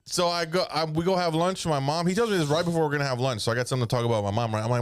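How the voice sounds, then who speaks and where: A man on a comedy podcast telling a family story in rough, profane language, jumping between voices as he acts out relatives. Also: on the high side, very fast, hardly any pauses. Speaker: podcast host. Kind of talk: casual comedy podcast chat.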